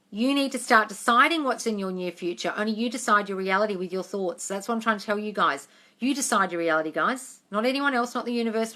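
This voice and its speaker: This manifestation coach fields viewer questions on a casual livestream in a pushed, bright voice on the high side. Frank and emphatic, she swears freely and calls everyone darling.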